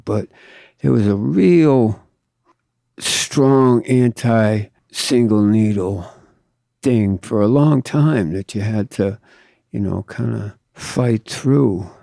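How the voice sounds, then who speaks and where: Gravelly, slow-talking older man. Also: mid-range voice, dark tone, dry recording, studio quality. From Southern California. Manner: laid-back, profane, drawling storyteller. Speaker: interview guest, tattoo artist. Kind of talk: casual storytelling.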